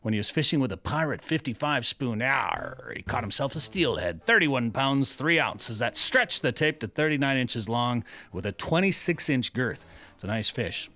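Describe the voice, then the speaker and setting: A man's voice: medium pitch, sing-song, normal speed, pushed and bright. A man hosting a radio show, chatting casually and running a trivia segment in a loose storytelling way.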